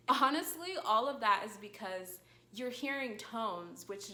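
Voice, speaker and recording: A woman gives a lively video lesson at a slow, careful pace. Her voice is bright and a little high, and it swoops up when she acts out calling a dog. The room is echoey. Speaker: language teacher.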